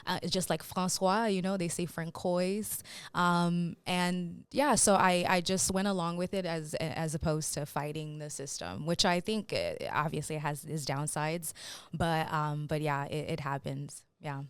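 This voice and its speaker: A woman's voice: deep voice, normal speed, clean tone, dry recording. A young woman from Haiti, a guest in a casual interview, speaking in an earnest and reflective way.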